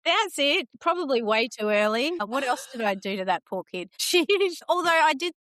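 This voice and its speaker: A middle-aged woman, hosting a podcast and chatting casually, telling stories with lively quoted voices. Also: sits high, normal speed, no room sound, clean studio sound. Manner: chatty storyteller, animated quoting. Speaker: podcast host.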